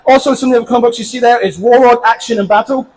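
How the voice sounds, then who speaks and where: English man, 50s, high voice, chatty and self-deprecating, convention panel talk with faint room hum. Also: fairly even intonation, rapid-fire, darkish tone, low-quality recording. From England. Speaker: comic book creator presenting a convention panel. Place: panel room at a convention before a small audience.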